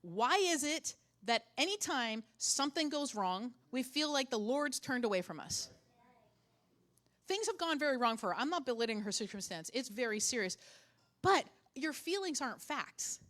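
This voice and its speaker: A middle-aged woman pastor preaching with a fairly high voice. She talks to the congregation as if chatting, drops in joking asides, and repeats key lines for emphasis. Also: sing-song, moderate pace, a bit bright. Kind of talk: sermon.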